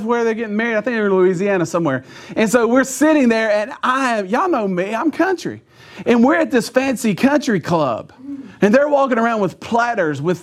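A man preaching a sermon in a church, telling funny stories about himself and laughing at his own jokes in a folksy, self-mocking way. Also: sits high. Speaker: pastor. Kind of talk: sermon with humorous storytelling. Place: church sanctuary.

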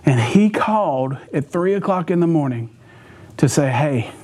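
A man preaching a sermon, telling personal stories in an animated way, chuckling and restarting phrases. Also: a little high, moderate pace. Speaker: pastor.

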